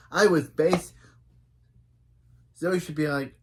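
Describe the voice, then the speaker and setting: A man recaps a kids' show episode in casual reaction commentary, his voice a touch higher than most men's. He reads the characters' lines aloud in a chatty, running way and gets indignant about what he sees. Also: slow pace, pauses often, darkish tone, slightly rough. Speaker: show reviewer.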